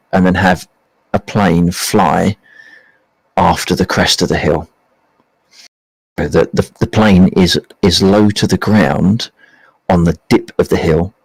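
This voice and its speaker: A man on a casual stream chat, explaining something carefully and haltingly. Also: low-pitched, gravelly, slightly rough, dry recording, rough recording. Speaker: stream guest.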